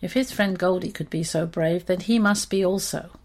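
A woman with a fairly low voice reads a children's story aloud. Her telling is expressive and steady, with an even, unhurried delivery.

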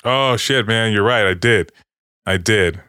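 Man with a low voice, rambling movie recap, swears a lot, dry close sound. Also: measured pace, pushed and bright, clear, resonant tone, no echo. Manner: rambling, profane, acts out movie lines. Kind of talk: casual movie discussion.

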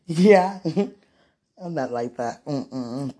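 Husky, playful woman who laughs a lot. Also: low-pitched, measured pace, pauses often. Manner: playful, laughs often, swings between loud bursts and soft murmuring. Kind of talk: casual rambling monologue.

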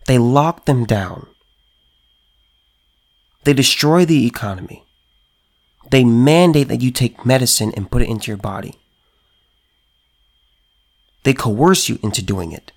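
A man delivers political commentary straight to camera, hammering his points with repeated rhetorical questions. His voice sits at an ordinary middle pitch and stumbles into quick restarts as he gets heated. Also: lively intonation. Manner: emphatic, repetitive rhetorical questions; stammering restarts when worked up. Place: California.

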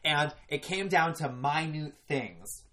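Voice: mid-range voice, animated, takes it slowly, a bit bright. A co-host in a casual recap chat, steadily explaining game rules and what happened in each round.

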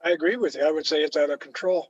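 Canadian male author guest, emphatic storyteller, fairly high voice, dry muffled audio. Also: steady tone, very fast, husky, no echo. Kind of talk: opinionated conversation. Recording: dull lo-fi dry recording.

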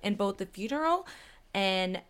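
A woman's voice: medium pitch, expressive, measured pace, a bit bright, smooth. A young woman co-hosting a podcast, chatting casually, rambling and giggling, with casual swearing. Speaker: podcast co-host. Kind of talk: casual chat.

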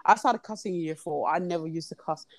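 A woman's voice: deep voice, fast, no room sound. A young woman guest chatting on a podcast, telling a story animatedly and swearing freely. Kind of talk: casual chat, storytelling.

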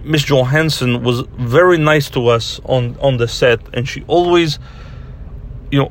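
Guy doing a blunt russian boom operator, thick put-on accent, deadpan broken english, mid pitch. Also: slight background noise, lightly acted.

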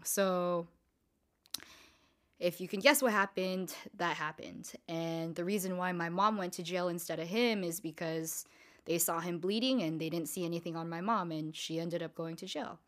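Young woman, lowish voice, casual storyteller, curses a lot, heavy on fillers. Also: moderate pace, fairly bright tone. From Southern California. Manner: casual, profane, lots of filler words.

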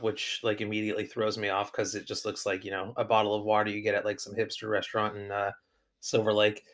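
A young man co-hosting a podcast, chatting casually and giving his opinions, with plenty of fillers and restarts. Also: on the low side. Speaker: podcast co-host. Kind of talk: casual chat.

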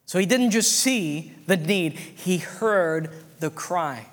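A man's voice: high voice, expressive, slow. A man preaching a sermon with fervent repetition, often adding amens and hallelujahs. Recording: long hall reverb.

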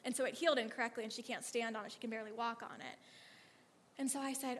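A woman telling animated ministry stories to a church audience, laughing often and acting out the lines of the people in her stories. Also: on the high side, fast talker, husky. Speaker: speaker sharing ministry stories. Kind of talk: testimony storytelling to a church audience. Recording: long reverb of a hall.

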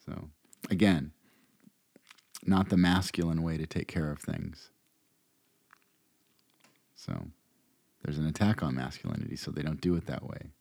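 Man, podcast host, very low voice, sarcastic, meandering, dry close recording. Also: fairly even intonation, measured pace, vocal fry, pauses often, a little mellow, breathy edge, no echo. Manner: meandering and sarcastic, with frequent restarts. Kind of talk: rambling political commentary.

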